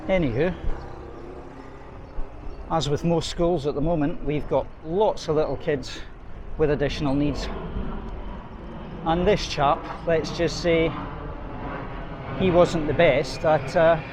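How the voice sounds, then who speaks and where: A man's voice: on the high side, fairly even intonation, slow, pauses often. A middle-aged man, a head teacher chatting wryly to the camera while cycling outdoors, recorded on an action camera. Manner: chatty, wry anecdotal storytelling. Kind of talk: casual storytelling vlog while cycling. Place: outdoors on a bike along an urban road. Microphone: action camera mounted on a bike. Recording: faint street and traffic noise.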